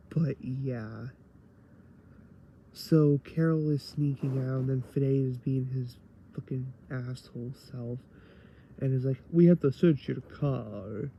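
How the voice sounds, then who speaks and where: A man's voice: mid-range voice, muffled recording, slight background noise. A man giving a rambling casual review of a TV episode, tired late at night and full of fillers.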